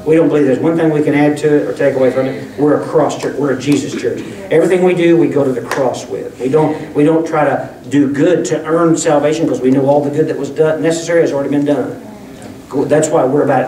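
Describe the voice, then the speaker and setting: A man's voice: fairly high pitch, mellow. A man preaching a sermon as pastor, talking in a folksy, conversational way with frequent restarts. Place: church sanctuary. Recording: echoey room, distant mic.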